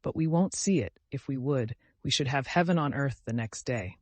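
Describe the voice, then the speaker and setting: A man voicing a gentle, feverish dying young man who talks tenderly and with rapture, in an audiobook. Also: mid-range voice, moderate pace, no room sound, natural voice. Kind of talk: audiobook character voice.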